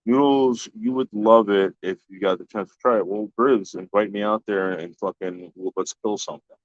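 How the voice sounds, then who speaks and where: Blunt, low-voiced man chatting on a stream. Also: fairly even intonation, normal speed, no room sound. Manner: blunt and profane, with frequent restarts. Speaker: live-stream host answering chat. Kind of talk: casual chat. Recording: dull, lo-fi dry recording.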